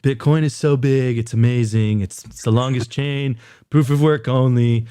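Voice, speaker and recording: A man's voice: medium pitch, steady tone, normal speed, dark tone, clear, resonant tone, dry recording, studio quality, lightly acted. A man putting on an impression of a boastful male politician giving a rally speech. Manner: brash, boastful, repetitive slogans.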